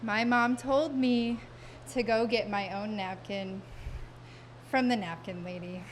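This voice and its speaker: A woman telling a funny personal story on a stage before an audience, wry and self-mocking, with vivid detail and dramatic pauses. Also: mid-range voice, a little hiss or hum.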